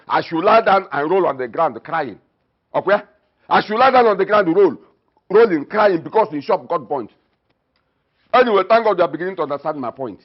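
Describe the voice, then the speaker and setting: In a Nollywood film scene with dull audio and background music, a man with a fairly high, husky voice and a Nigerian accent plays a stubborn middle-aged father. Scornful and dismissive, this household head mocks others and barks orders.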